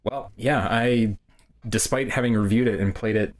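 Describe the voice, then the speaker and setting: Low-voiced, dry-spoken man reviewer. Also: steady tone, normal speed. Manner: dry, matter-of-fact, blunt opinions. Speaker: game reviewer and podcast co-host. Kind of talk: casual chat.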